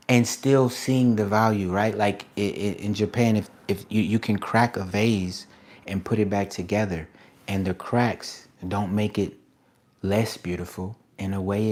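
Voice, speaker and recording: A man streaming live as an artist, giving excited shout-outs to viewers in casual slang, then turning soft and reflective. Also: fairly low pitch. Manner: drops to a soft, quiet reflective tone. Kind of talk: casual livestream chat.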